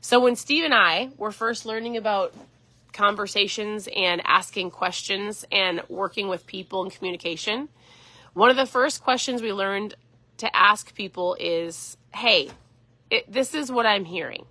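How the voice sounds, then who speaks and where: A woman's voice: mid-range voice, measured pace, sharp tone, no room sound. A woman in her forties, a keto coach, chatting earnestly on a casual live stream.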